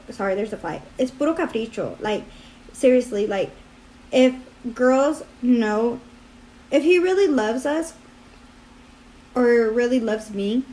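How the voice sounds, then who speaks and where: A woman's voice: a little high, darkish tone, a little hiss or hum. A young woman vlogging her story in a rambling, filler-heavy way, tearful and crying as she talks. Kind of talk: casual confessional vlog.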